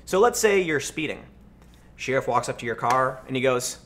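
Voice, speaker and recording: A man's voice: mid-range voice, fairly quick, a little hiss or hum. Man riffing on a live stream. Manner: animated storytelling, acts out voices in anecdotes. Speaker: livestream host. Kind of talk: casual livestream commentary answering chat.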